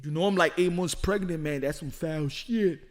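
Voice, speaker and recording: A man plays a streetwise bro grumbling about pregnancy and labor, dropping yo and man into every line. The voice sits a little lower and quieter than his usual talk, which itself runs fairly high for a man. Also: normal speed, natural voice. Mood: joking. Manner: slangy, calls everyone man and yo.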